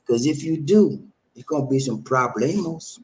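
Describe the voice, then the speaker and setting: A man's voice: mid-range voice, moderate pace. A man hosting a casual relationship-advice broadcast, who repeats himself and lectures the audience directly. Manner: preachy, repeats himself, talks straight to the audience.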